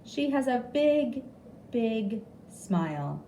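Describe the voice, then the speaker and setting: Slow, expressive woman reading a story. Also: a little high, a little hiss or hum. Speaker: reader. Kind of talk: graded reader audiobook narration. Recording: echoey room with faint ambience.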